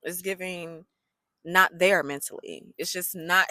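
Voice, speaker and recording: A woman, telling a story in a casual vlog, sassy and animated. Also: lowish voice, unhurried, dry recording, poor audio. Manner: animated, sassy, loose colloquial talk.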